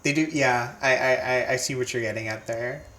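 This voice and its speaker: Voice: medium pitch, fairly even intonation, moderate pace, fairly bright tone. A streamer chatting casually over a game, self-deprecating, with stammered restarts. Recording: roomy sound with faint game music.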